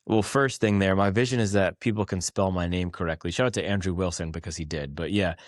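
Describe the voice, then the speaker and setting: An American man hosting a podcast, giving casual motivational advice with energy and quick self-corrections. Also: sits low, dry recording, studio quality. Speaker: podcast host. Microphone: small wireless clip-on mic.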